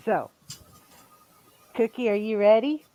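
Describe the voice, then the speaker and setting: A woman's voice: a little high, warm tone, no room sound, dull audio. A woman hosting a live online show over a video call, chatty and laughing often. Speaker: show host. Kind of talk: casual live-stream hosting.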